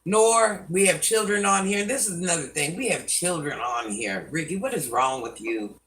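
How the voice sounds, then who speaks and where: A woman's voice: fairly low pitch, expressive, normal speed, a bit bright, distant mic, poor audio. An older woman hosting a live stream, scolding commenters by name and chatting with viewers. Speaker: livestream host.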